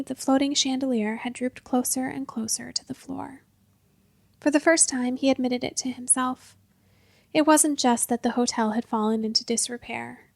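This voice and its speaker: A woman narrating a short fantasy story in a calm, even storytelling manner. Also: sits high, creaky, no room sound. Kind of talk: audiobook story reading.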